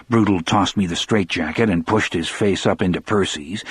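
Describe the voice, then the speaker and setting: A man's voice: deep voice, normal speed, few pauses, slightly rough, dry recording. A man narrating an audiobook in the first person, with a dramatic storyteller delivery.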